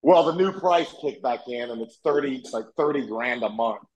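A man's voice: mid-range voice, normal speed, crowd noise. Casting: man, Virginia accent, rambling and emphatic guest on a dull lo-fi video call. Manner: rambling, self-correcting, emphatic. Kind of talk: casual chat.

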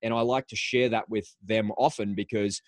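A man's voice: lowish voice, steady tone, moderate pace, no room sound. A man hosting an interview in a studio, telling stories with enthusiasm and often repeating words as he gathers his thoughts. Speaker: podcast host. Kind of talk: casual conversational interview.

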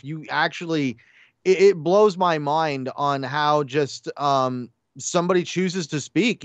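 A man talks through a gaming podcast in an excitable, rambling way, full of fillers and self-corrections. His voice sits a little high. The sound is dull and lo-fi, with a dry, close feel. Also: smooth, dry recording. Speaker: podcast panelist. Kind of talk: casual chat.

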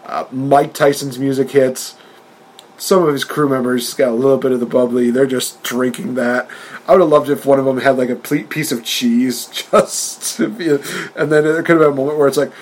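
Man, husky voice, casual podcast chat, animated, laughs a lot, mid pitch. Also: normal speed, poor audio. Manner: animated, laughing often, acting out quotes in a raised voice. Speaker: podcast co-host.

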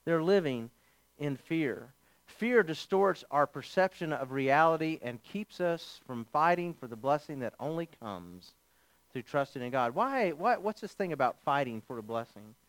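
A male pastor preaches with an animated, joking storytelling style. His voice sits high for a man and rings smooth and resonant. The sound is dry and close, with no room echo. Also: measured pace. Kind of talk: sermon with humorous storytelling.

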